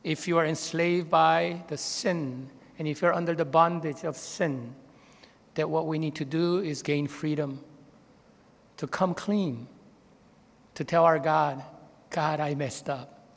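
An unhurried, creaky-voiced pastor preaches with fairly even intonation in a church sanctuary, his words leaving a long reverb tail. He tells stories through the sermon, voicing the people in them at a raised pitch.

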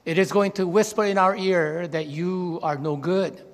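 A man's voice: moderate pace, big-room sound. A man preaching a sermon in a church, telling stories and voicing the people in them. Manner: storytelling, voices quoted characters with raised pitch. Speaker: pastor. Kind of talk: sermon with anecdotes. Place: church sanctuary.

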